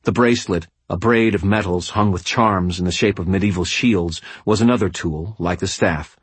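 Low husky male audiobook narrator. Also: normal speed, dry recording. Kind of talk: first-person audiobook narration.

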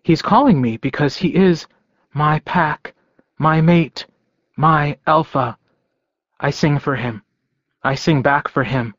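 A man narrating an audiobook in first person, with a slow, rhythmic, repetitive delivery. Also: fairly high pitch, fairly bright tone, no echo, highs cut off.

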